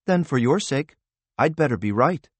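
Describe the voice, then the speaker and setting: A man voicing a small, quick-witted male hacker on a remote line, in a lighter and higher voice than his narration. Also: animated, breathy edge, no room sound. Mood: assured.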